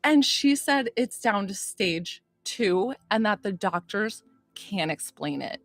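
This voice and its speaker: A gushing, excitable woman talks on a phone livestream, her voice jumping between loud bursts and softer asides. She greets viewers as she chats, and faint music plays underneath. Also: medium pitch, takes it slowly, no echo, studio quality. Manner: gushing, excitable, chatty, reads out viewer names. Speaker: livestream psychic medium and healer. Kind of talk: excitable casual livestream chat.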